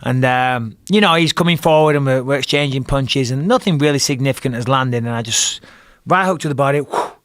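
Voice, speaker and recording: A middle-aged man telling a fight story in a casual podcast chat, animated and profane, with frequent restarts. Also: medium pitch, fairly quick, few pauses, no echo, studio quality. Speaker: guest, retired fighter and commentator.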